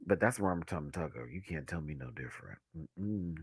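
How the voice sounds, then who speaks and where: Campy man with a lively, swooping voice. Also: fairly quick, breathy edge, no room sound, studio quality. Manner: animated, campy, laughs often, swoops high and low. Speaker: YouTube reviewer. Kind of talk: live review chat.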